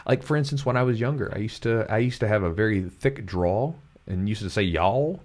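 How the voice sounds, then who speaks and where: A man's voice: on the low side, brisk, darkish tone. A man from Kentucky hosting a podcast, talking in an earnest, motivational way and often repeating himself. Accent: neutral American, former Kentucky twang trained away. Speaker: podcast host, jiu-jitsu coach. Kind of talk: casual podcast chat.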